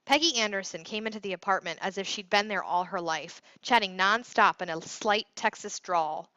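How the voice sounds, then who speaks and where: A woman reads a novel aloud in steady narration with a bright, forward tone. The recording is dry and close, with a slightly dull top end. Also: mid-range voice, moderate pace, dry recording. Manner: steady storytelling. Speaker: audiobook reader. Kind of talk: scripted narration.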